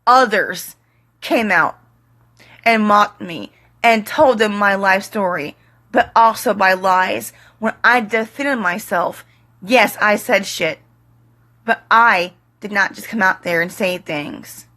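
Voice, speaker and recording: A middle-aged woman vlogging straight to camera, tearful, pleading and defiant, speaking in short halting fragments. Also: mid-range voice, bright, forceful tone. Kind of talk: emotional direct-to-camera monologue.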